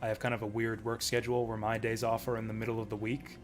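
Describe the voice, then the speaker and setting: A man's voice: on the low side, monotone, quick pace, soft background music. A man streaming a video game, giving casual commentary in a rambling, joking way with frequent chuckles.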